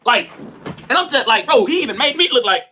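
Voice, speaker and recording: Over a noisy background, a fast-talking, high-energy livestream host from Chicago tells stories in a casual stream. He's loud, excitable and trash-talking, with lots of slang.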